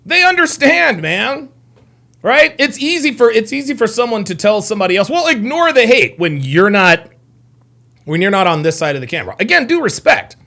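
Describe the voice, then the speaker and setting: A male live streamer answers his chat with a high, animated voice that swings widely in pitch. He rants angrily, swears freely and says the same phrase again and again. He sounds like he is talking at home into a streaming mic. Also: moderate pace, gravelly. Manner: angry, profane, repeats himself, talks back to chat. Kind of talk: heated livestream commentary.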